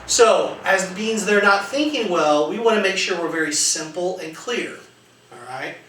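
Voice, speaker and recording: A man leading a training lecture, talking conversationally and acting out calm example lines. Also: high-pitched, a little slow. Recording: echoey room from far off, faint noise.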